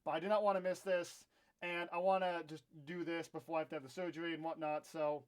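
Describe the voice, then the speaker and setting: A young man with a notably high speaking voice tells a casual storytime vlog straight to his camera. He rants candidly and often pokes fun at himself. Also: flat delivery, fast, clean tone. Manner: candid, ranting, self-deprecating. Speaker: vlogger. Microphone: own camera.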